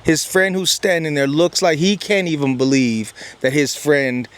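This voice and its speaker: A man's voice: fairly high pitch, normal speed, fairly bright tone. Earnest man telling a travel story. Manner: earnest, emphatic retelling with lots of quoted dialogue. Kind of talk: personal storytelling to camera.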